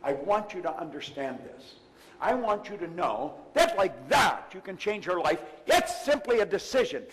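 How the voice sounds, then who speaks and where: A man's voice: high voice, big pitch swings, normal speed. Older male motivational speaker, emphatic and dynamic, live in a reverberant hall. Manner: emphatic, swings from loud to hushed. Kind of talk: live seminar talk. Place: seminar room before an audience.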